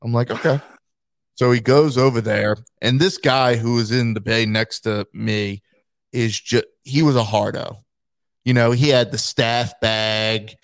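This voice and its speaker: A man's voice: mid-range voice, fairly even intonation, a little slow, no room sound, clean studio sound. Laid-back man telling a story. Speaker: podcast co-host. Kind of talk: casual storytelling chat.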